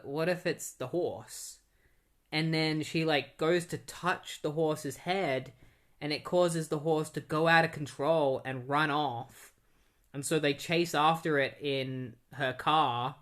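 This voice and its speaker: A man's voice: on the high side, a bit bright. A young man casually recapping and reviewing a comic book in a rambling, conversational way.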